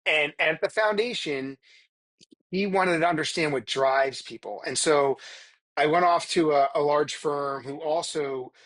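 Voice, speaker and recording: A man's voice: fairly high pitch, measured pace, a bit bright. A middle-aged man speaking earnestly as a guest on a casual podcast interview, often restarting his sentences. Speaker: guest, performance psychologist.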